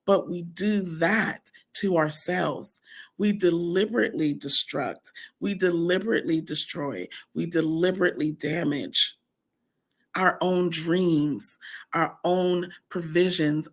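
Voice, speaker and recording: A woman with a deep, husky morning voice, giving an earnest faith-based motivational teaching at a women's camp and stressing her points through repeated lists. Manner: earnest, emphatic repetition of lists.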